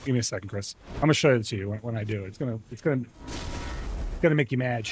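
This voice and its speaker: A man live-streaming a game, chatting excitedly with his viewers and laughing often. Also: mid-range voice, fast, noisy background. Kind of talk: casual gaming stream chat.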